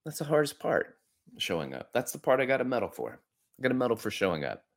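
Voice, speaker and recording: A man's voice: medium pitch, very animated, fast talker, creaky. A middle-aged man hosting a podcast, telling a personal story in an earnest, reflective way with frequent restarts. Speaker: podcast host. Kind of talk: personal story and coaching talk.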